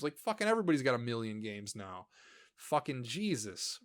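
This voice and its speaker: A man's voice: medium pitch, sing-song, fairly quick, clear, resonant tone. A man ranting casually about other creators, blunt and full of swearing, laughing as he goes. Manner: profane, blunt, laughs often. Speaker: YouTuber ranking channels. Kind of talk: casual opinionated rant.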